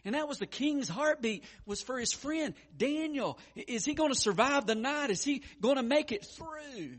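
A male pastor preaching a sermon, with frequent stammered restarts and wide swings between loud urgency and hushed tenderness. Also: very high voice, expressive, normal speed.

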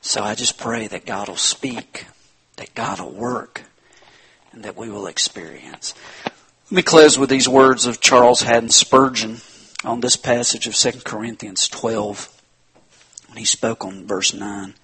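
A pastor preaching a sermon, a man who swings from loud, impassioned appeals to hushed tones. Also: medium pitch, fairly even intonation, unhurried, breathy edge.

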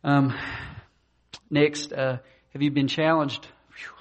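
A man preaching a conversational sermon, talking plainly with many fillers and restarts, and raising his pitch when he voices the people in his stories. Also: little pitch movement, slow pace, dull audio. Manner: voices quoted characters in a higher pitch. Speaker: pastor.

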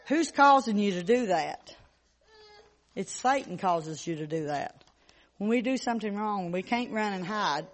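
An adult giving a children's sermon in a church, gently asking the children questions as they talk. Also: medium pitch.

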